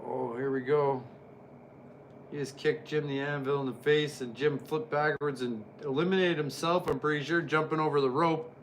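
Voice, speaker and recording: A man's voice: a little high, steady tone, normal speed, a little hiss or hum. A man casually commenting on old wrestling as he watches, rambling and joking. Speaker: wrestling reviewer.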